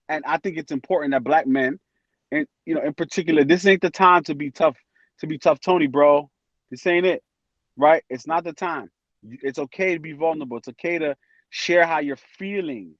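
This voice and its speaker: A man talks casually as a podcast guest, animated and quick to act out his friends' voices. His voice sits a bit high. The sound is dry and slightly muffled. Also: no room sound. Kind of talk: casual chat.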